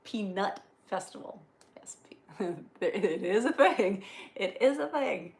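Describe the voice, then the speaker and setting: A woman's voice: medium pitch, lively intonation, slow, darkish tone. Chatty woman live-streaming from her farm. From Northeast US. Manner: chatty, frequent fillers and restarts. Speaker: livestreamer. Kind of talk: live-stream chat, answering viewers. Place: indoors on a farm, rainy day.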